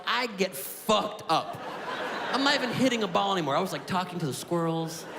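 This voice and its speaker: A man doing stand-up storytelling, with a deadpan delivery and quick punchlines, on a stage mic in a club. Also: sits high. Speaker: stand-up comedian. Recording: echoey hall with crowd and noise.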